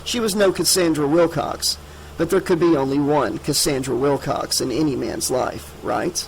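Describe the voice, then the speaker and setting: A man reading an unabridged horror audiobook in a steady, measured way. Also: a little high, creaky, a little hiss or hum, poor audio. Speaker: audiobook narrator. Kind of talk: audiobook narration.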